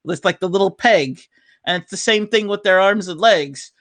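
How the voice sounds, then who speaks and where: A woman's voice: medium pitch, moderate pace. A woman chatting casually about a movie, telling scenes animatedly with lots of fillers and laughter. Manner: animated storyteller, laughs often, many fillers.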